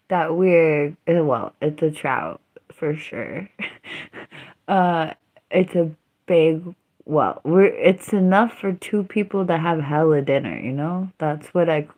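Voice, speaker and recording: Young woman streaming, slow easygoing ramble, lowish voice, giggly, trails off. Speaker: livestreamer. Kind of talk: casual livestream chat.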